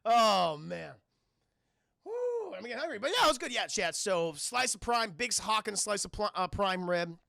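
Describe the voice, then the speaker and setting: Young man, New York accent, high gravelly voice, bright and lively, dry close mic, rambling profane stream chat. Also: normal speed, no echo. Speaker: streamer answering viewer questions. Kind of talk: casual livestream chat.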